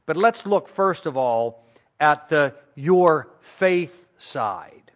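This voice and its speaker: A man preaching a sermon, teaching slowly and deliberately and repeating key points for emphasis. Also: fairly high pitch, expressive, dull audio. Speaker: pastor.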